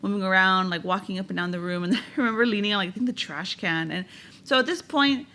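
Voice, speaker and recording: A young woman with a bright, clear-edged voice shares a personal story on a podcast. She talks in a relaxed, candid way and often laughs mid-sentence. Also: mid-range voice, fast talker. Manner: chatty, candid, laughs while telling. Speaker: podcast co-host. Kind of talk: casual storytelling chat.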